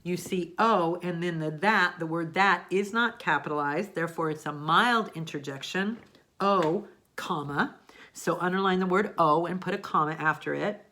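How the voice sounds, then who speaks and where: A woman's voice: on the low side, normal speed. A woman teaching a grammar lesson, explaining patiently step by step and checking in often. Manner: acts out example sentences with lively emphasis.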